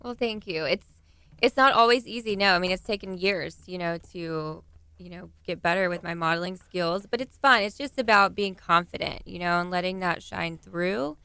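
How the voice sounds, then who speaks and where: A woman's voice: lowish voice, moderate pace, pushed and bright, clean tone, no echo. A young woman with a Texan accent, a pageant titleholder chatting as a radio guest in an upbeat, giggly way. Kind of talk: casual radio interview.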